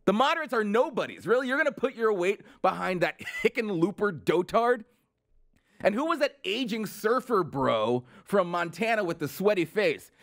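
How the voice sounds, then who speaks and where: A man's voice: high-pitched, expressive, moderate pace, a bit bright. A man hosting political commentary, delivering a sarcastic, mocking comedic rant full of incredulous questions.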